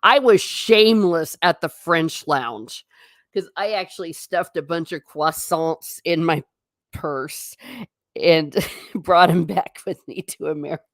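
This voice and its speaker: A woman's voice: fairly low pitch, takes it slowly, no echo, clean studio sound. Giggly woman chatting casually. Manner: chatty, giggly, self-mocking. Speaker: travel vlogger reading live chat. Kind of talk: casual live-stream chat.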